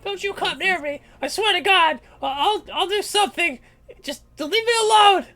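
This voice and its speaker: A man's voice: extremely high pitch, normal speed, bright, forceful tone, pitched above the performer's own voice. A man voicing a terrified, shrunken male orc who shrieks in panic. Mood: panicked.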